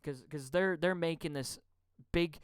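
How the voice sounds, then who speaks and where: A man from Canada hosting a podcast, ranting angrily about politics. He swears a lot, stammers and repeats words, and swings between loud outbursts and muttering. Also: a little high, measured pace, clean tone, no echo. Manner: profane, stammering, repeats words when heated. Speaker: podcast host. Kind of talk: angry political rant.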